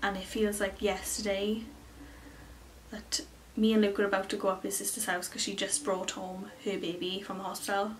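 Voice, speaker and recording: A woman's voice: medium pitch, normal speed, a little hiss or hum. Chatty young Englishwoman, slightly distant mic. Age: early 20s. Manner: rambling, many fillers, excitable retelling. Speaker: beauty vlogger. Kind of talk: casual chatty storytelling to camera.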